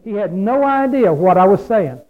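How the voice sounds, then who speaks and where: A man's voice: sits high, animated, moderate pace. A man preaching a folksy, plain-spoken sermon, often asking his listeners questions. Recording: phone-like lo-fi radio broadcast.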